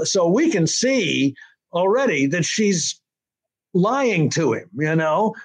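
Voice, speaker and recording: A man's voice: high-pitched, sing-song, slow pace, slightly rough. An older American man telling a story in an interview, rambling with many restarts and fillers. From United States. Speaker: TV writer-director being interviewed.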